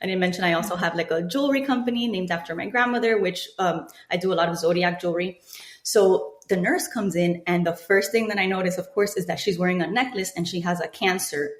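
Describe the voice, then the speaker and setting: A woman in her thirties, a podcast guest telling a personal story with animated delivery, acting out what other people said. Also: lowish voice, fairly quick. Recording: echoey room.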